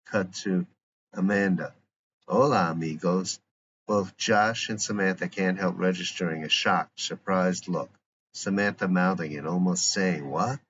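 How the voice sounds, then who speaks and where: A man's voice: sits low, steady tone, a little slow, fairly bright tone. A man narrating a script aloud, reading stage directions and scene headings plainly. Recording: muffled lo-fi with faint hiss.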